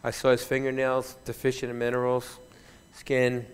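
A man, a fitness trainer, telling stories in an animated, chatty way at a conference, often chuckling as he speaks. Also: mid-range voice, moderate pace, smooth. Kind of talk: keynote storytelling. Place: large conference hall. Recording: reverberant conference hall.

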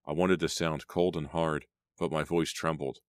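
A man narrating an audiobook in a steady, measured reading style. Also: rumbling low, no room sound. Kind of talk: scripted storybook narration.

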